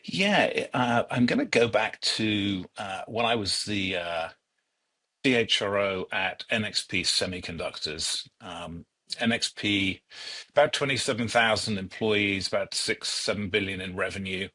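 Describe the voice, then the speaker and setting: A man's voice: lowish voice, a little slow, pushed and bright. A middle-aged British man, a podcast guest and HR executive, telling stories in a chatty, self-deprecating way with many ums. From United Kingdom. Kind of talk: casual storytelling interview.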